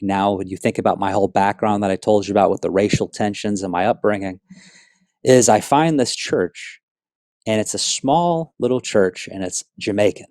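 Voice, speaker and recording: Earnest low-voiced man telling his testimony. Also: moderate pace, dry recording, clean studio sound. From South Florida, USA. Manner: earnest, animated storytelling with many asides. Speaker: speaker giving a personal testimony. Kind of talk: personal testimony storytelling.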